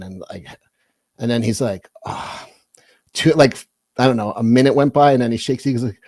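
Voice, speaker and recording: A man's voice: medium pitch, lively intonation, normal speed, mellow, no room sound. A man co-hosting a comedy podcast, telling crude stories in a rambling, profane way and laughing through them. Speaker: podcast co-host.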